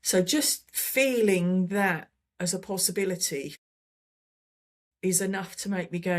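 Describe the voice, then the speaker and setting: A woman's voice: lowish voice, unhurried. A woman, a holistic therapist, talking enthusiastically as an interview guest, often repeating words as she gathers her thoughts. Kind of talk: casual testimonial chat.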